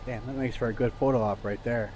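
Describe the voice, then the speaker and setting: A man's voice: mid-range voice, fairly even intonation, quick pace, darkish tone, a little hiss or hum. A man streaming a game, chatting casually and ranting to his viewers with plenty of swearing. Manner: profane, ranting to chat. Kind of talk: casual gameplay chat.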